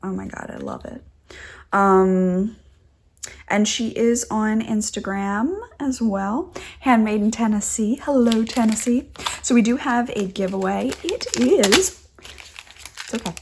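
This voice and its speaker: A woman's voice: mid-range voice, measured pace, darkish tone. A young woman hosting a knitting podcast, chatting casually and gushing over crafts she shows. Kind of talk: casual show-and-tell chat.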